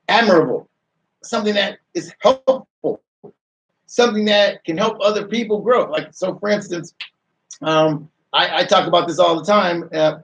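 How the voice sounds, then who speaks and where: A man hosts a motivational radio show with a slightly high voice. He keeps asking rhetorical questions and repeats words as he restarts his sentences. He sounds a little distant from the microphone. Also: a bit bright.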